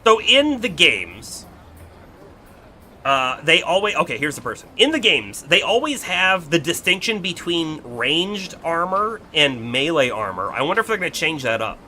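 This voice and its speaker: A man's voice: a little high, very animated, moderate pace, sharp tone, a little hiss or hum. A man streaming a video game, rambling casually and correcting himself as he goes. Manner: rambling, self-correcting, laughs often. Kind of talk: casual gameplay commentary.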